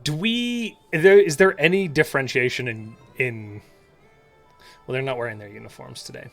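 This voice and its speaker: A man's voice: medium pitch, moderate pace, vocal fry, fairly bright tone, faint music behind. A man as a player in a tabletop game, chatting casually and restarting sentences.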